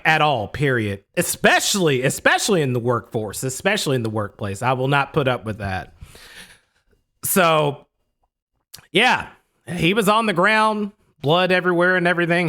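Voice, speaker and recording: A man's voice: on the high side, lively intonation, normal speed, bright, forceful tone. A young man casually telling a story to camera, emphatic and profane, often repeating himself. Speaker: storytelling YouTuber.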